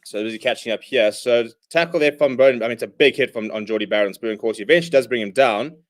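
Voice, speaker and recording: A young man hosting a live watchalong, calling the play and reading out viewer comments, and he bursts out loud at big moments. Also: mid-range voice, fast talker. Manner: excitable, shouts at big plays, reads viewer comments. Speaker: host.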